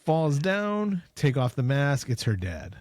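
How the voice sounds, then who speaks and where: A man co-hosting a podcast, casually recapping a movie plot with jokes and quick acted-out lines. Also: medium pitch, very animated, a little mellow, no echo. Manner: jokey, acts out scenes in quick voices. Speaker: podcast co-host.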